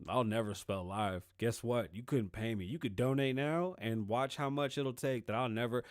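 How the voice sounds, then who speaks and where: A middle-aged man hosting his own show, talking loose and sarcastic, with plenty of swearing and the dry mouth of someone who says he is high. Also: normal speed, hardly any pauses, dry recording. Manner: loose, rambling, profane and sarcastic. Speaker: show host. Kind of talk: casual political commentary.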